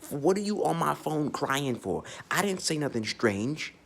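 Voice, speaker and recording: A man's voice: fairly high pitch, sing-song, measured pace, creaky, a bit bright. A man giving a blunt, profane, unscripted astrology monologue, speaking emphatically and often restarting his sentences. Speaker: astrology vlogger.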